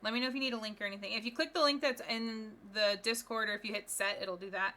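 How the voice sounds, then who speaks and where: A woman's voice: fairly high pitch, fast talker, pushed and bright. A woman streaming live from home, chatting casually and upbeat with her viewers while she builds.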